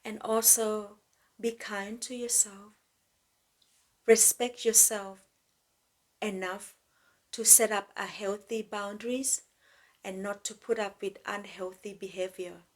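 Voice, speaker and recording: Slow, gentle woman speaking softly. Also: medium pitch, steady tone. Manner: gentle, slow, soothing, non-native grammar. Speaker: podcast host. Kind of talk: spiritual self-help talk.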